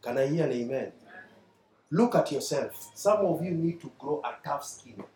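A man's voice: a little high, expressive, normal speed, dark tone, a little hiss or hum. A Kenyan man preaching a sermon, mixing English and Swahili and leading call-and-response. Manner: mixes English and Swahili, call-and-response, acts out his mentor's lines. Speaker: pastor. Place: church hall. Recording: echoey hall.

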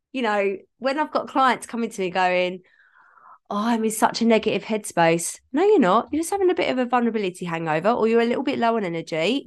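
Woman, solo podcast host; chatty, rambling delivery with self-corrections. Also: medium pitch. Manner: chatty, rambling, self-interrupting, laughs at herself.

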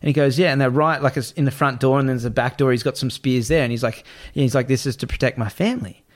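Man, casual storyteller, lively, acts out the voices in his story, mid-pitched. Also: fast. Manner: animated, acts out quoted voices, swears casually.

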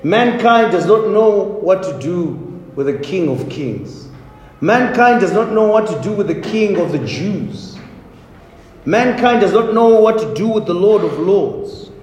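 Man, high lively voice, slow emphatic sermon, echoey church hall. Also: a little hiss or hum. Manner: emphatic, repetitive preaching with rising declarations. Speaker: pastor. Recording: echoey hall, faint ambience.

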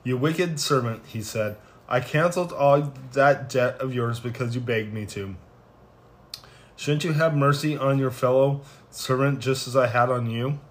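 A man reading scripture passages aloud in plain, unhurried reading with small stumbles, then closing in prayer. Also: mid-range voice. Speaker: scripture reader.

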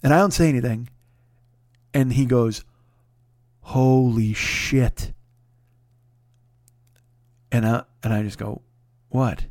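A podcast host, a man, telling a comic personal story in a profane, animated way, dropping to a hush for re-enactments and rising in exasperation. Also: medium pitch, fairly quick, long pauses, no room sound, clean studio sound. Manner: profane, animated, swings between hushed re-enactment and loud exasperation.

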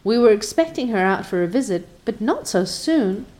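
A woman voicing an excitable, chatty young girl in a storybook reading, talking in a high, breathless gush. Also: normal speed, lightly acted. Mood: excited.

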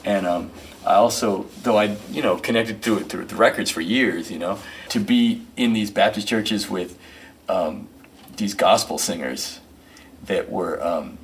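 A middle-aged male musician and producer, a guest in an interview, who tells stories in a rambling, animated way with plenty of fillers. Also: lowish voice, unhurried. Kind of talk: casual storytelling interview. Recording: distant mic with faint noise.

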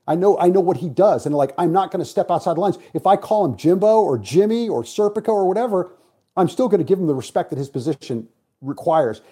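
A man's voice: fairly high pitch, husky. A middle-aged man telling stories in casual talk, blunt and profane. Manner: blunt, profane, animated storyteller. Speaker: podcast guest. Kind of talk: casual storytelling chat.

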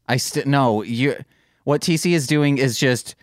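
A man's voice: mid-range voice, unhurried, no echo, studio quality. A man co-hosting a podcast, chatting casually and teasing his co-host. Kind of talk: casual chat.

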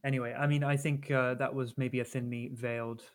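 A man's voice: medium pitch, level tone, brisk. Earnest man in casual football talk. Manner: earnest, critical, many fillers and restarts. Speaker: podcast co-host.

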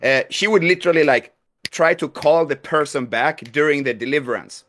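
A man's voice: a little high, normal speed, a bit bright. A married man giving practical explanations in a casual chat. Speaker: guest minister.

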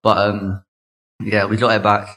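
Young London man, slangy and low-voiced. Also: completely flat delivery, pushed and bright. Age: 20s. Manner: fast slangy chatter full of likes and mates. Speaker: guest. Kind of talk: casual storytelling.

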